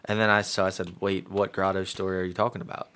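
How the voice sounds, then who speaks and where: Man, low pitch, casual podcast co-host, laughs a lot, animated retelling. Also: quick pace. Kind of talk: casual chat.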